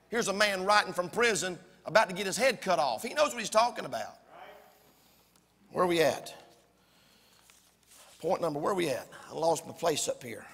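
Loud, bright-voiced preacher man. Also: high-pitched, animated, normal speed, vocal fry, pauses often, in a large hall. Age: 40s. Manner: loud, shouting delivery with folksy humor. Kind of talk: fiery sermon. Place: church sanctuary.

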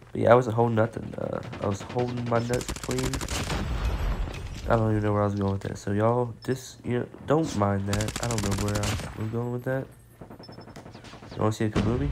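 A man with a gravelly, fry-laden voice talks through a shooter match in loose, excitable commentary. He mocks himself and trash-talks the other players in slang. Gunfire and explosions from the game sound clearly behind his voice. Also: fairly low pitch, background noise. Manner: excitable, self-mocking trash talk with slang. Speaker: gameplay streamer. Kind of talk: casual gameplay commentary.

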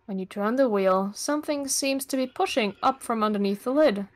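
Young woman, co-host, chatty, teasing, giggly, high-pitched. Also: moderate pace. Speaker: co-host, reading narration. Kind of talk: casual chat.

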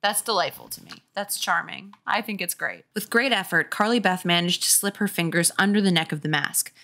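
A woman's voice: on the low side, a little fast, vocal fry, pushed and bright. A woman reading a children's horror book aloud while a bit tipsy, dropping in wry joking asides. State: tipsy from drinking.

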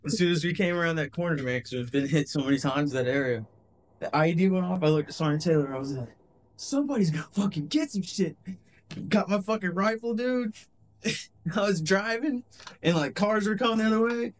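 A young male soldier telling combat stories, profane and animated, recorded on a handheld camcorder. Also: high voice, fairly quick. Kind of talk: casual war story.

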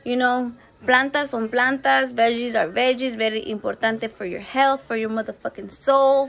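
A woman's voice: a little high, fairly quick, vocal fry. A woman hosting a casual cooking video in her home kitchen, swearing freely and mixing Spanish and English in a jokey, candid way. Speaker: cooking vlogger.

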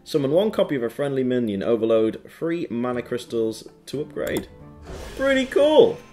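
A man's voice: mid-range voice, fairly quick, mellow, soft background music. A man hosting his own gaming channel, casually commenting on a card game with playful quips and goofy sound effects while reading card text aloud.

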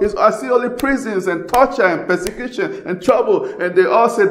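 A man from Ghana preaching a sermon as pastor, swinging between loud passionate bursts and hushed pleading. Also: sits high, moderate pace, hardly any pauses, echoey room.

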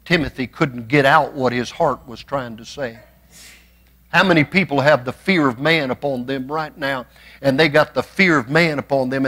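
A man preaching a church sermon, swinging from folksy storytelling to passionate shouting. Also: a little high. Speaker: pastor.

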